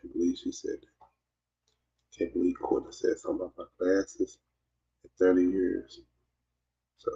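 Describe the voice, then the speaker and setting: Southern mississippi guy hosting a chill podcast, low husky voice, rambles and teases, kinda dull lo-fi sound. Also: dark tone. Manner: rambling and teasing, many fillers and restarts. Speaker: podcast host. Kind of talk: casual livestream chat reading comments.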